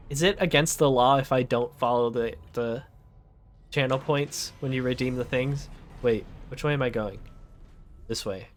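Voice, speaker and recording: A man's voice: mid-range voice, normal speed. A man streaming a horror game, joking sarcastically and talking back to the game. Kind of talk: gaming commentary.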